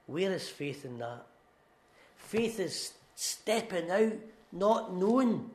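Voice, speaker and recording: A middle-aged Scottish pastor preaches with earnest, emphatic storytelling, hammering home repeated phrases. His voice sits fairly high for a man. The sound bounces around an echoey church hall. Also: big pitch swings, takes it slowly. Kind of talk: sermon. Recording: echoey room.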